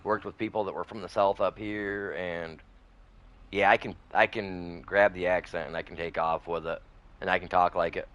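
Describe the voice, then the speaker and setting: A gaming streamer from northern Michigan chats casually while playing a farming game, his deep voice flat and his speed normal. He wanders loosely from story to story, sprinkling in folksy slang and friendly asides to viewers. The tone is clean and fairly bright, but the recording sounds muffled.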